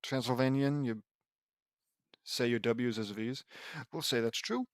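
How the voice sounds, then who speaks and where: A man with a mid-range voice reads a fan fiction aloud a little slowly, with no room sound. He delivers the quoted battle cries, then breaks off to joke and laugh about the text, reacting like an audiobook reader in a casual read-aloud with commentary.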